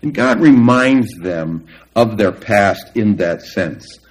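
A middle-aged man preaching a sermon, earnest and emphatic, with long pauses. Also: on the low side, animated, poor audio. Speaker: pastor.

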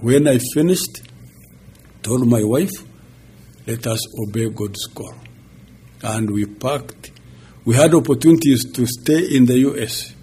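A man in his sixties, a pastor giving a halting, chuckling personal testimony. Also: mid-range voice, mellow, a little hiss or hum. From Uganda. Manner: slow, halting storytelling with chuckles.

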